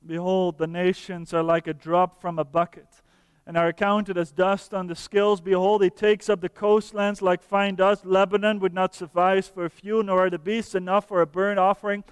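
A man preaching a sermon earnestly, slowing down for emphasis and dropping to soft, quiet tones. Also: high voice, flat delivery, clear, resonant tone, no echo, long reverb tail.

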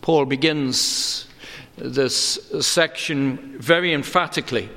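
Measured preacher in a reverberant hall. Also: male voice, medium pitch, sharp tone. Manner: measured expository preaching with emphatic stresses. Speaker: pastor. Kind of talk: sermon.

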